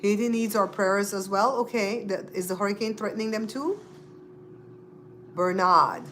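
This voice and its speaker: This livestream host is a Belizean-accented woman whose medium-pitched voice has a fairly bright tone and moderate pace. Chatting casually with viewers, she repeats names and spells them out, over a little hiss or hum.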